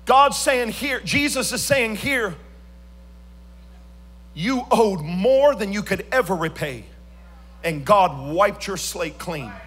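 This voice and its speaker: A man preaching a church sermon as pastor, swinging from quiet storytelling to sung, shouted emphasis. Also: high voice, lively intonation, takes it slowly, long pauses, husky.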